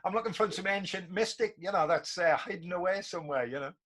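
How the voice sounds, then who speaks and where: A fast-talking man in his fifties from North East England, with a high, slightly bright voice. He hosts a podcast in a casual interview style, a chatty storyteller who tends to repeat himself.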